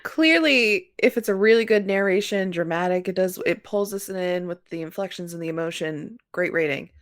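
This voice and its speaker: A woman's voice: fairly low pitch, moderate pace. A young woman co-hosting a podcast in casual chat, steering the conversation with questions. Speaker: podcast co-host.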